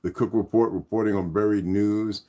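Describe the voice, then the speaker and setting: A man's voice: on the low side, level tone, moderate pace, dark tone. A man, talking casually to his viewers in a loose, rambling vlog. He drifts from point to point and keeps addressing the audience directly. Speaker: channel host.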